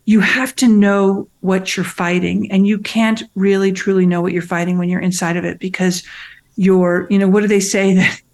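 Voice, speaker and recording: A middle-aged woman being interviewed, telling her story in an animated, earnest way with emphatic repeats and frequent restarts. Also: mid-range voice, moderate pace. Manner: animated storytelling, acts out quoted voices. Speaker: guest, nonprofit founder. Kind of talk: conversational interview.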